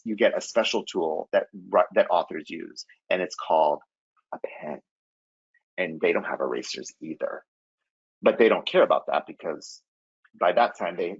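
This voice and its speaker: Man, middle-aged, lowish husky voice, lively up-and-down delivery, casual teacher webinar, dull dry lo-fi call audio. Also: no echo. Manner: animated, acts out children's self-talk in a high voice. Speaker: teacher trainer presenting a webinar.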